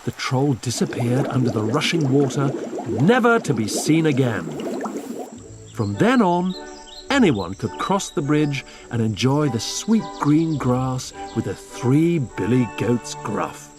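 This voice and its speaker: A man reading a fairy tale aloud as storybook narration, slow and expressive. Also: over music. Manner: slow and expressive, lively pitch.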